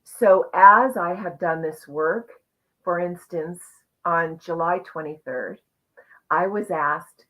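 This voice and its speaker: A woman hosting a live online conversation, sharing a personal journey in an earnest, reflective, expressive way over a video call. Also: fairly low pitch, slow pace. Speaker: host. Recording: muffled lo-fi audio.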